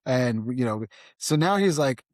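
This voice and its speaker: A middle-aged man spins an animated story in easy conversation, voicing the other people in it as he goes. His pitch sits in the ordinary middle for a man. The sound is close and dry with no room echo. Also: measured pace. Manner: animated, acts out dialogue, peppers lines with "right?". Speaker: podcast guest.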